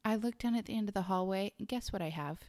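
Woman, middle-aged, podcast co-host, casual storytelling, animated, whispery asides. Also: mid-range voice, quick pace. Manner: animated, drops to whispers when telling spooky parts.

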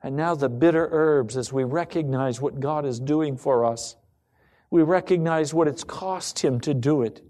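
A man preaching a sermon with dramatic delivery, swinging between ringing emphasis and a hushed near-whisper. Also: fairly high pitch, normal speed.

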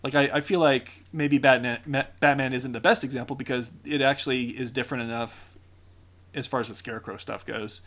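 A man on a gaming podcast thinks out loud, hesitating and restarting his sentences. His tone is bright and forceful. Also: mid-range voice, fairly even intonation, fairly quick. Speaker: podcast co-host. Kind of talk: casual podcast chat.

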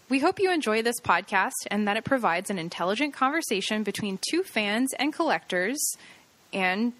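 A woman co-hosts a relaxed podcast, her fairly high voice rising and falling with a lot of life. She is playful and laughs off her own fumbles. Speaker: guest co-host. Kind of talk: casual podcast chat.

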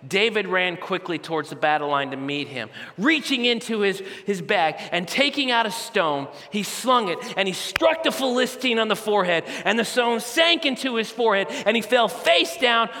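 A man preaching a sermon as a campus pastor, telling a story with animated, conversational asides in a large church auditorium. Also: high-pitched, moderate pace. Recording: reverberant large hall.

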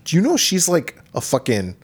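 A man's voice: fairly high pitch, wildly swooping pitch, normal speed, slightly rough. A man in his forties co-hosting a casual movie review podcast, reading out cast lists, swearing freely and laughing with his co-host. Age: 40s.

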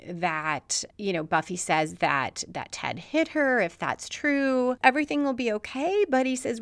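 A woman's voice: medium pitch, vocal fry, fairly bright tone, clean tone, no room sound. A woman hosting a casual recap of a TV episode, retelling scenes in a conversational way. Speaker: podcast host recapping a TV episode.

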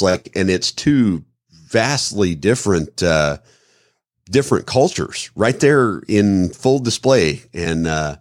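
A man's voice: low-pitched, animated, takes it slowly, no echo, studio quality. A man from the Midwest co-hosting a podcast, explaining self-defense phrasing with acted-out examples. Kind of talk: casual podcast talk.

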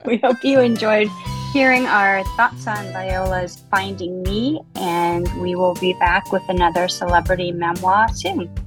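A woman co-hosting a book podcast, speaking in a measured way and wrapping up the show. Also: mid-range voice, fairly even intonation, music in the background. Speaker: podcast co-host. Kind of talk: casual book-club chat.

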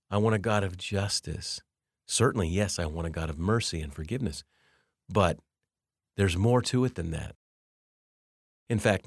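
A man's voice: deep voice, no echo, studio quality. A man teaching a theology lecture as a Bible teacher, speaking emphatically and reading scripture and scholars' quotes aloud.

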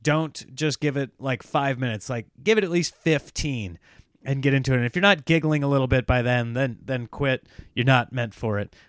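Male podcast host, rambling casual chat, smooth clear voice, dry close sound. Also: mid-range voice, normal speed, no echo. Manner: rambling, self-mocking, laughs often.

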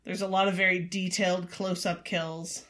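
A woman's voice: fairly low pitch, level tone, normal speed, a bit bright. A woman co-hosting a podcast in casual chat, swearing freely and laughing often. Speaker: podcast co-host.

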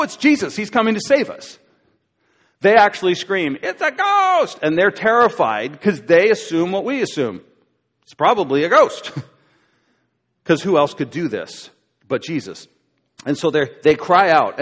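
Pastor guy preaching, slightly high voice, acts out the story, long echo of a church hall. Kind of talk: sermon. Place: church auditorium. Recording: live church recording with long hall reverb.

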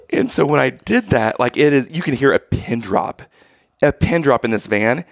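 A man in his thirties, co-hosting a casual chat and retelling a family vacation story with animated, exaggerated quotes. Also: mid-range voice, normal speed, vocal fry, no echo. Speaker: podcast co-host telling a family story.

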